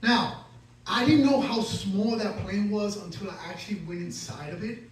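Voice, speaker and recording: A man performing a stand-up comedy set on stage, telling a story in an animated way and acting out the other people in it. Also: high-pitched, normal speed, slight background noise. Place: comedy stage with live audience. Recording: echoey venue, mic at a distance.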